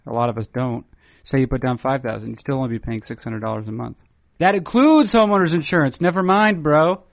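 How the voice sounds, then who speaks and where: A man's voice: medium pitch, fairly quick, gravelly, dry recording. A man hosting a podcast, wordy and mock-formal in a playful, casual way. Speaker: podcast host.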